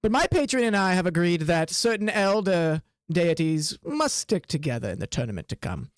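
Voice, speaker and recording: A man voicing a smug, sly male cat who calls himself ancient and dangerous, in a slow, low, purring drawl. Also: big pitch swings, smooth, no room sound. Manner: slow purring drawl, lower than his own voice.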